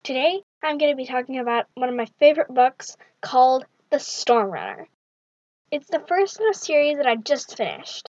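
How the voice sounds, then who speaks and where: A woman's voice: high voice, sing-song, normal speed, darkish tone, no echo, highs cut off. A woman hosting her own book review vlog, talking in an upbeat, chatty way.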